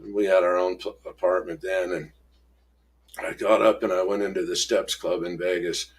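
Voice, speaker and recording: A middle-aged man candidly telling his life story in an interview, rough-spoken, acting out old arguments in raised voices. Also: sits low, level tone, moderate pace, a little hiss or hum.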